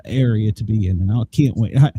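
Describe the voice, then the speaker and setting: A man's voice: on the low side, a little fast, dark tone, a little hiss or hum. A man hosting a podcast in casual chat, talking loosely with many fillers. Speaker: podcast host.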